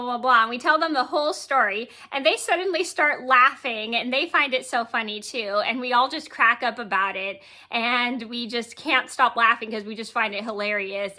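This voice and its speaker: A woman's voice: fairly high pitch, pushed and bright. A woman in her late twenties telling a funny personal story in a casual vlog, rambling, repeating words, correcting herself and giggling along the way. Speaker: vlogger.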